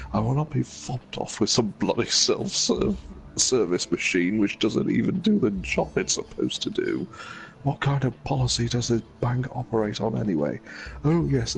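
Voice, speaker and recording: A man's voice: mid-range voice, vocal fry, low-quality recording. A man voicing a blustering, pompous retired British major who complains about machines and staff. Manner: ranting, scolding.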